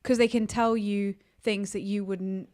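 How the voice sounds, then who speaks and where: Animated woman chatting about films. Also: mid-range voice, a little slow. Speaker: podcast co-host. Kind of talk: casual film chat.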